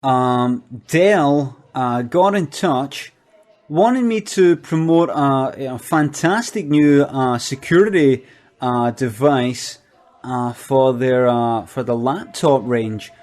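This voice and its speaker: A man playing a hesitant, shady product promoter who fills his talk with halting pauses and deadpan asides. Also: mid-range voice, lightly acted. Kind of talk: comic monologue.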